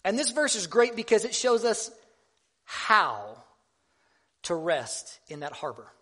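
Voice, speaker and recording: A man's voice: sits high, sing-song, slow, sharp tone. A man giving a sermon in a conversational, self-deprecating way, often restarting his sentences. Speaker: preacher.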